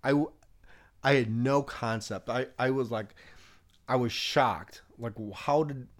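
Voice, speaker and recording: A man's voice: medium pitch, a little slow. A man telling a long personal story in a casual chat, rambling with many restarts and fillers, often laughing as he talks.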